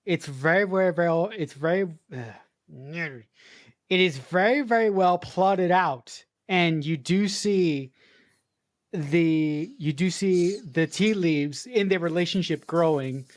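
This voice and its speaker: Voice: mid-range voice, slow. A podcast co-host giving casual movie opinions, often repeating words while searching for phrasing. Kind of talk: casual movie review chat.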